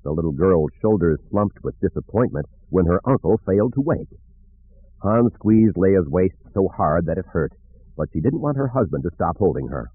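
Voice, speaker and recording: A man narrating an audiobook in an expressive storytelling manner, with a husky voice. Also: deep voice, normal speed, no echo. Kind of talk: scripted narration. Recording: narrow phone-like audio.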